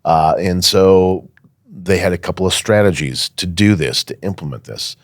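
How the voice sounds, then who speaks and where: Very deep-voiced man, emphatic podcast guest. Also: moderate pace, dry recording, clean studio sound. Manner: emphatic, insistent, with frequent fillers. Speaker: guest, firearms safety academy owner. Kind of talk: conversational podcast interview.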